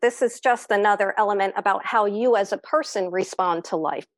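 A woman's voice: medium pitch, a little fast, no room sound. A woman speaking as a podcast guest, reflective and encouraging in casual conversation, with many fillers.

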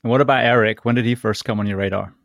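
A man's voice: mid-range voice, fairly even intonation, racing, vocal fry, dry recording, studio quality. A man hosting an interview, asking questions in a conversational, hesitant way with fillers. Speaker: podcast host.

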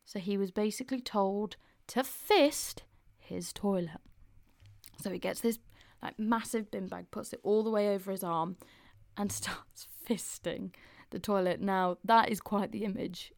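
A woman's voice: mid-range voice, a little slow, gravelly, a little mellow, no room sound, clean studio sound. Giggly, sweary woman telling stories. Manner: chatty, giggly, swears freely. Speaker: podcast host. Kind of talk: casual podcast storytelling.

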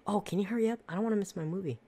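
A speaker putting on a fussy older woman who demands her way, her voice pitched high and shrill with indignation, with a dark, mellow tone underneath. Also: rapid-fire, slightly rough, close to an everyday voice. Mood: impatient.

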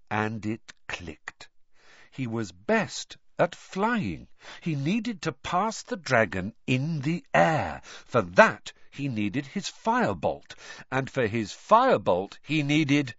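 A man's voice: medium pitch, slow pace, no echo, dull audio. A man reading a novel aloud as an audiobook narrator, telling it expressively. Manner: expressive storytelling. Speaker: audiobook reader. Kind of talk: scripted narration.

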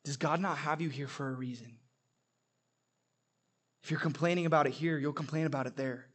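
A man's voice: fairly high pitch, fairly quick, fairly bright tone, husky. A young adult man preaching a sermon, telling stories with humor and emphatic repetition. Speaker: pastor.

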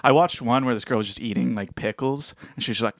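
A man's voice: mid-range voice, fast, a bit bright, no echo, studio quality. A man co-hosting a casual podcast, rambling with lots of fillers and restarts. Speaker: podcast co-host. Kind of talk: casual chat. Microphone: headphones and studio mic.

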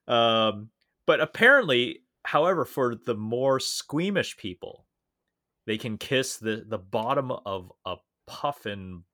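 A man co-hosting a podcast in casual chat, talky and quick to laugh, with plenty of fillers and restarts. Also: medium pitch, sing-song, pushed and bright. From Canada. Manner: chatty, laughs often, many fillers and restarts. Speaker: podcast co-host.

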